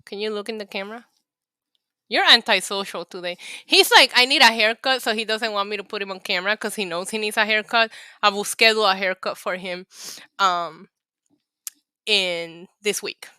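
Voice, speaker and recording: A woman's voice: medium pitch, steady tone, fairly quick, bright, forceful tone, clean tone, no echo. A woman from New York City hosting a casual livestream, chatting, laughing often and reading the chat aloud. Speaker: livestream host.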